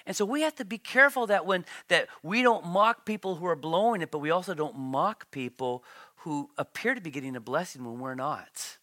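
Animated middle-aged male pastor preaching. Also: fairly high pitch, a little fast, no echo, clean studio sound. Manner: animated preaching, voice climbing when storytelling. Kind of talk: sermon.

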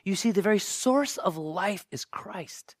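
A male pastor preaching a sermon with jokey asides to the congregation, swinging from loud bursts to hushed, near-whispered lines. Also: high voice, animated, slow, dry recording, studio quality.

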